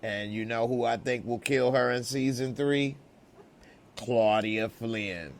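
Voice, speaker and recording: Slow-drawling male podcast host. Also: medium pitch. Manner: slow drawl, animated asides. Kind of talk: casual chat.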